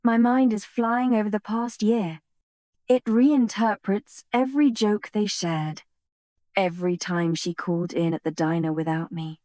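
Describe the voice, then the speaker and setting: A woman reads a first-person romance audiobook at an unhurried pace. Her voice is mellow and close, and the recording is dry with no room sound. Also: medium pitch, fairly even intonation, no room sound. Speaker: audiobook narrator.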